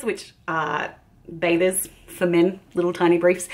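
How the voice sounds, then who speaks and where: A woman's voice: fairly low pitch, fairly even intonation, normal speed. A young Australian woman with a bubbly, chatty manner who laughs often, hosting a casual beauty video. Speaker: beauty vlogger.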